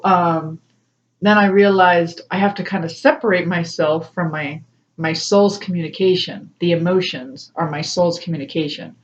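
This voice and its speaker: A fairly low-pitched woman's voice comes through a muffled recording as a spiritual coach and tarot reader talks casually to camera. She gets personal with her viewers, laughs often, and performs voices when quoting others.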